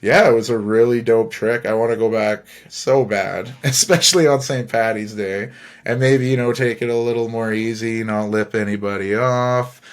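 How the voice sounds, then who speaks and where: A man's voice: medium pitch, steady tone, normal speed. A young man from Canada hosting a podcast, telling a rambling story alone, laughing often and swearing freely. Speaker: podcast host. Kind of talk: casual storytelling monologue.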